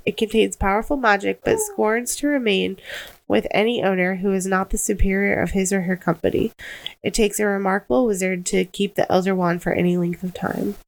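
A woman's voice: mid-range voice, creaky, poor audio. Tired woman in casual chat. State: tired, yawning. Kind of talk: casual chat reading aloud.

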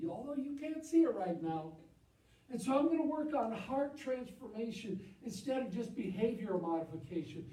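A man preaching a sermon in a church, impassioned, swinging from loud emphatic peaks to low confiding asides. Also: reverberant, far from the mic, poor audio. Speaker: pastor. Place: church sanctuary.

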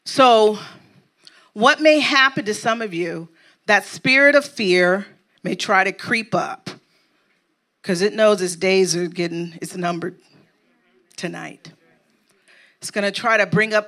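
A woman's voice: mid-range voice, unhurried, long pauses, a bit bright. A woman preaching a sermon to her congregation, rousing and emphatic, who keeps checking in with her listeners. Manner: lists items in an emphatic cadence.

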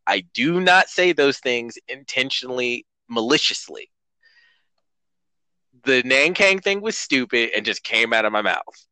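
Male podcast co-host chatting while gaming; bright, animated voice, jokey and rambling, dry close mic. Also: medium pitch, unhurried, clear, resonant tone, no room sound, low-quality recording. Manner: laughs often, rambling, jokey and apologetic. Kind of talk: casual chat while playing a video game.

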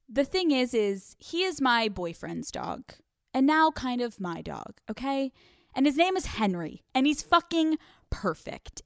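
A woman's voice: medium pitch, no room sound, clean studio sound. A woman hosting a podcast in casual chat, candid and profane, laughing often. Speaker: podcast host.

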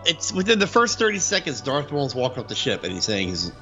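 A man's voice: mid-range voice, wildly swooping pitch, brisk, pushed and bright. A man in casual chat who talks animatedly and breaks into mock voices. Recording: dull lo-fi recording with faint music.

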